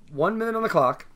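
A man's voice: fairly high pitch, bright, forceful tone. A man hosting a casual sports trivia quiz on his show, upbeat and chatty. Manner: upbeat, chatty, frequent restarts and throat clearing. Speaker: podcast host running a trivia quiz.

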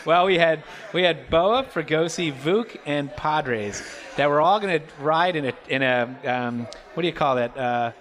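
A man's voice: fairly high pitch, measured pace, fairly bright tone. A man hosting a casual baseball chat, telling rambling stories and laughing often. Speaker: host.

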